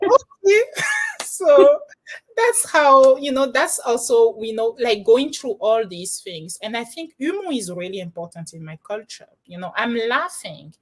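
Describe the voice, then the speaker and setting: A woman from Benin speaks as a panel guest in a personal discussion. She talks in an animated way, laughing easily and often restarting her sentences. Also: a little high, moderate pace, hardly any pauses.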